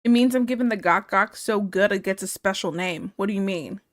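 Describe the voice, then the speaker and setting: A woman streamer chatting casually while she draws, frank, teasing and quick to giggle. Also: mid-range voice. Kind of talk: casual chat while drawing.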